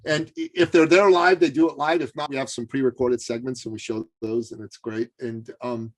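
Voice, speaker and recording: A man telling a story as an interview guest, animated and full of fillers and restarts. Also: mid-range voice, brisk.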